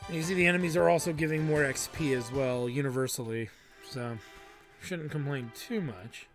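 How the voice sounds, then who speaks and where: A man's voice: on the high side, normal speed. A man giving casual, laid-back gameplay commentary with chatty asides. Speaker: let's play host. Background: game music.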